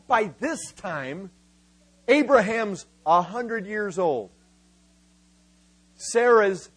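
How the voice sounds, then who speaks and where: Male preacher, high voice, emphatic sermon delivery that slows for stress. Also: husky, poor audio. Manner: emphatic, voices biblical figures in quotes, slows for key words.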